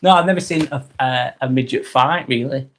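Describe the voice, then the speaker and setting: A man's voice: medium pitch, fairly quick, fairly bright tone, a little hiss or hum. A man with a Lancashire accent and a slightly sore throat, chatting casually on a live stream, rambling and repeating himself as he reads out comments. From England.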